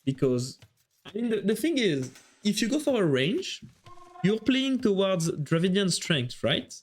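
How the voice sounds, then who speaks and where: A man's voice: high voice, big pitch swings. A man with a French accent, French his first language, doing live chatty commentary on a strategy game while answering his viewers. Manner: chatty, thinks aloud, quick reactions to the match. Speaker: esports caster and streamer.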